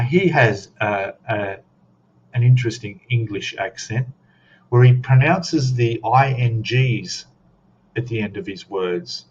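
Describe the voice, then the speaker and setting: A man with an Australian accent chatting casually on a live stream as a scale model host, rambling and reading chat comments aloud. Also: medium pitch. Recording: dull lo-fi stream audio with faint noise.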